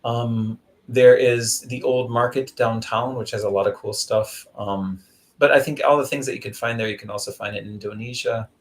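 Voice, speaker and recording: A vlogger doing a live stream in Zamboanga City talks at a normal pace in a mid-range voice with fairly even intonation. The recording is rough as he casually rambles through stories and replies to viewers by name.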